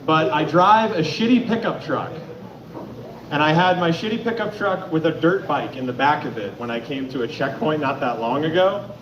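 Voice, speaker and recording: A man doing a stand-up comedy set in a club, telling stories loudly with sudden shouts. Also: medium pitch, highs cut off. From Atlanta, Georgia. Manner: loud, animated storytelling with sudden shouts. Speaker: stand-up comic. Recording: echoey club from far off, noisy.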